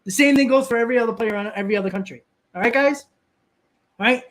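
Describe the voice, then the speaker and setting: Speaking fast in an extremely high, slightly bright voice, a man hosts a live stream and rants casually. He often repeats and restarts words while answering viewers in the chat.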